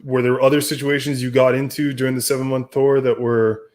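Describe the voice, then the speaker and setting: A man's voice: mid-range voice, level tone, a little fast, a little mellow. A man hosting a casual podcast interview, laughing along and asking follow-up questions. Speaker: podcast host.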